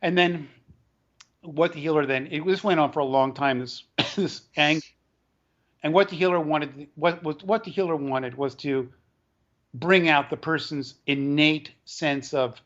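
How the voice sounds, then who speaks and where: A man, an author and educator, tells a long story as an interview guest, halting often and restarting his words. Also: a little high, a bit bright. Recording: dull lo-fi recording.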